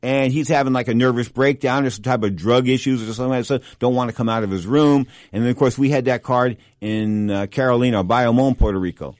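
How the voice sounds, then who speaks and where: A middle-aged man hosting a boxing talk show, telling rambling stories full of restarts and asides, and jumping up in pitch for emphasis. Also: quick pace, hardly any pauses, darkish tone, no room sound, clean studio sound. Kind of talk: casual anecdotal storytelling.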